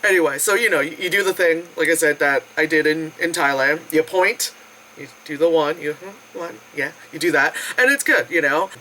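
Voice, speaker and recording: Lively voice, animated vlogger retelling a trip. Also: moderate pace, a little hiss or hum, low-quality recording. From United States. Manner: animated, acts out quotes with big pitch jumps, frequent laughs and swearing. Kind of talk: casual storytelling food vlog.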